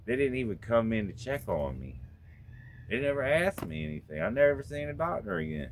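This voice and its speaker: A man's voice: mid-range voice, animated, brisk, gravelly, slight background noise. A middle-aged man from North Carolina telling a story from his own life in a casual vlog monologue, raw and profane, talking straight to his viewers. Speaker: storytelling vlogger. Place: home out in the country.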